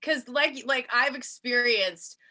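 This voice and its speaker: A woman radio host chatting on a video call, telling animated stories and laughing often. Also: a little high, slow pace. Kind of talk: casual video call chat.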